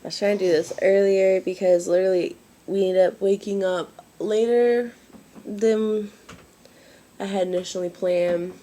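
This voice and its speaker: A woman's voice: medium pitch, fairly even intonation, unhurried, mellow. A woman, out of breath and wheezing, rambling apologetically in a casual home vlog. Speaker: mother vlogging. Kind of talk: casual chat to camera.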